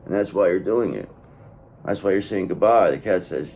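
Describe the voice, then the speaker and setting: Gravelly, profane male tarot reader. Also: deep voice, normal speed, darkish tone, a little hiss or hum. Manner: blunt and profane, repeating phrases for emphasis. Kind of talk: tarot reading monologue.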